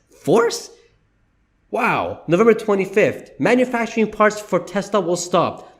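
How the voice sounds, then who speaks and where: A man giving indignant, worked-up opinion commentary, exclaiming as he talks. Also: high voice. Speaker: commentary vlogger.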